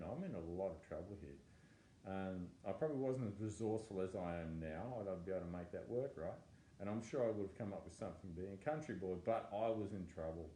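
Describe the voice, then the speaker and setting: A man telling a personal testimony, animated and stammering as he acts out his own thoughts. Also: deep voice, slight background noise. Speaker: testimony speaker. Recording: echoey room with faint ambience.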